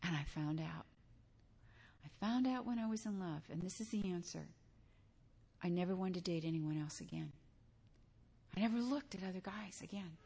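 A woman's voice: fairly low pitch, moderate pace, creaky, long pauses, dark tone, breathy edge. An older woman preaching a sermon in a conversational way, weaving in personal stories and asking her listeners direct questions.

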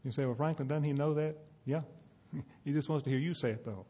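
A man from North Carolina, leading an altar call and a prayer in a folksy, gentle way. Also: fairly high pitch, brisk, long reverb tail. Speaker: evangelist preacher. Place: large arena event.

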